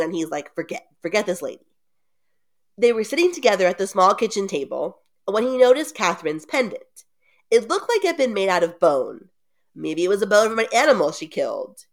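Chatty woman recapping a story. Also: mid-range voice. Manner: chatty, joking asides while summarizing. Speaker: podcast host retelling a book.

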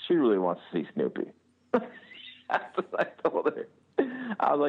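A man in his thirties hosting a podcast, telling a lively family anecdote. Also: fairly low pitch, unhurried, creaky, long pauses. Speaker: podcast host. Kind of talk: casual chat. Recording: tinny phone-line sound.

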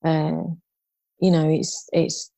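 A woman's voice: deep voice, sing-song, slow pace, mellow, dry recording. A woman in her fifties, a guest in an interview, telling her story frankly and ramblingly, with restarts and rueful laughs.

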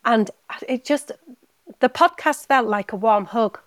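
A woman guest on a podcast, telling a personal story in a heartfelt, halting way, often repeating words. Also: on the high side, no room sound. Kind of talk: emotional personal story in casual chat.

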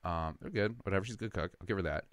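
Fast-talking man telling wild stories. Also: low voice, no echo. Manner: rapid, animated, profane anecdotes. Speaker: comedian guest. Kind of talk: casual podcast storytelling.

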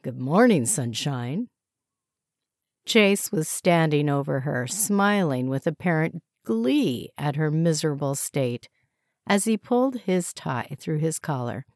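Low, slow-reading female narrator. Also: animated, a little mellow, no echo, clean studio sound. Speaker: audiobook narrator. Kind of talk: scripted narration.

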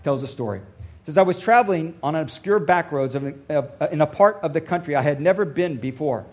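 A male pastor preaching a sermon, telling a story and dropping to a soft voice for emphasis. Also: on the high side, lively intonation, fairly quick. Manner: storytelling, varies loudness for emphasis.

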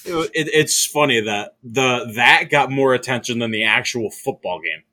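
Bright-voiced young man telling stories. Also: mid-range voice, normal speed. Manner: animated storyteller, swears often, laughs mid-sentence. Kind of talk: casual chat.

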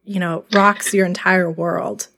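A woman's voice: fairly low pitch, flat delivery, a little slow, gravelly, fairly bright tone. A woman hosting a podcast interview, asking brief questions and offering supportive affirmations. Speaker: podcast host.

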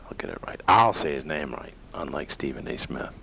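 A very low-pitched male talk radio host rambles through an opinionated monologue. He speaks casually, stopping often on "uh" and restarting his sentences as he goes. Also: expressive, fairly quick, gravelly, sharp tone, slightly rough, poor audio.

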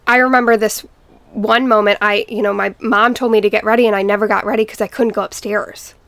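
A young woman guest telling a painful personal story in a podcast interview, halting and restarting as she recalls what happened. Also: medium pitch, steady tone, a bit bright, no room sound. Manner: halting, restarts, quotes family members.

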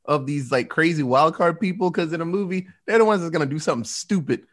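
Profane, animated man reviewing a movie. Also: fairly high pitch, fast. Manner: profane, animated, acts out scenes with quotes. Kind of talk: casual movie review chat.

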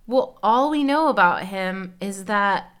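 A woman's voice: mid-range voice, lively intonation, takes it slowly, fairly bright tone, clear, resonant tone. A young woman co-hosting a podcast, telling a story in a chatty, casual way and acting out quotes. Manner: chatty, lots of "like", acts out quotes. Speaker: podcast co-host.

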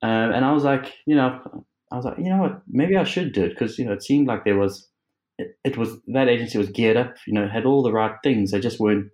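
A man's voice: on the low side, darkish tone, low-quality recording. A South African man chatting as an interview guest, rambling with many fillers, laughing often and swearing casually.

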